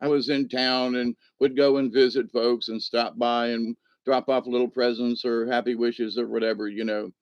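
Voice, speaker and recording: A man chats on a livestream in a middle-pitched voice. He rambles from one story to the next and laughs often. He breaks off to answer viewers in the chat. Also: flat delivery, moderate pace, few pauses, dry recording, dull audio. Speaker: livestream host.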